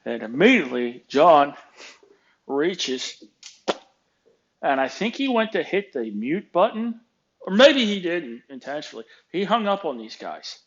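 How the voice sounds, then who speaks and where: A man's voice: on the high side, highs cut off. A man telling a work story as a casual, exasperated rant, acting out both sides of the conversations. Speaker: vlogger ranting about work.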